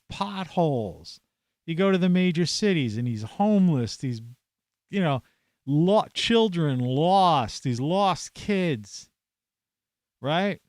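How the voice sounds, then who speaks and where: A man's voice: high voice, dry recording, clean studio sound. A man at home, ranting scornfully to camera with plenty of swearing. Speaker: vlogger. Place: at home, indoors in an old house.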